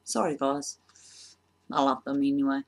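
A woman doing a casual comedy vlog, self-deprecating and halting with frequent ums. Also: extremely low pitch, fairly even intonation. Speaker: vlogger.

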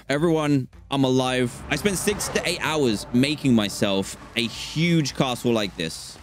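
A young man hosting a gaming channel, giving let's-play commentary and swinging between calm chatter and panicked yelps. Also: mid-range voice, unhurried, hardly any pauses, background noise.

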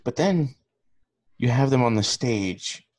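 A man's voice: mid-range voice, animated, slow, a little mellow. A man co-hosting a podcast, talking casually and rambling with lots of fillers and restarts. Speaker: podcast co-host. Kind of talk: casual chat.

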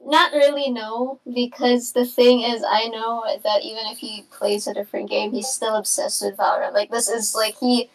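A woman's voice: on the high side, flat delivery, normal speed, few pauses, distant mic, low-quality recording. A woman voicing a distraught young woman patient, a jealous gamer girlfriend who rambles and curses nonstop, in an improvised comedy role-play. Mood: rambling. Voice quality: curses constantly, rambling and dramatic.

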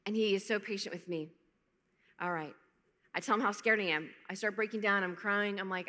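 A woman's voice: mid-range voice, fairly even intonation, a little fast, sharp tone. A woman from the United States giving a testimony talk at a conference, telling her story with humor and acting out the quotes. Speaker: conference speaker. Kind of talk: testimony talk to a large audience. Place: large conference hall. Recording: long hall reverb.

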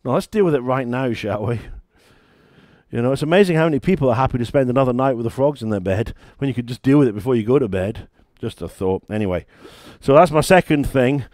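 A man's voice: medium pitch, animated, fast talker, a little mellow, no echo, clean studio sound. A British man, a church founder and pastor, preaching a sermon in a conversational, emphatic way with stories.

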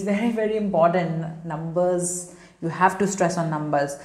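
A woman's voice: fairly low pitch, unhurried, darkish tone, echoey room. A woman, teaching an online lesson to students, emphatic and repetitive. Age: 30s. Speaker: English teacher. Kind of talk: online spoken English lesson.

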